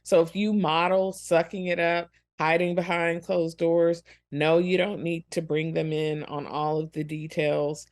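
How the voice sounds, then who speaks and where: Speaking a little slowly with hardly any pauses, a woman with a lowish, fairly flat voice co-hosts a ministry podcast. Her reflective talk is earnest and compassionate, centered on helping children through hard times.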